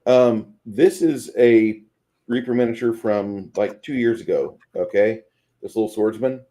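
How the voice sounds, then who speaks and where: Male co-host, low mellow voice, casual chat, reads comments, on a webcam. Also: unhurried. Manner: reads viewer comments, shows figures on camera. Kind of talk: casual chat about miniatures. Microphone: video call webcam.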